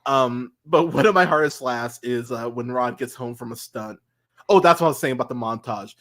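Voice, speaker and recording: A man co-hosting a movie podcast, chatting casually and rambling excitedly through film scenes with lots of fillers and laughter. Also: medium pitch, normal speed. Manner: rambling, animated, laughs a lot, many "like" fillers. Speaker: podcast co-host. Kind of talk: casual film review chat.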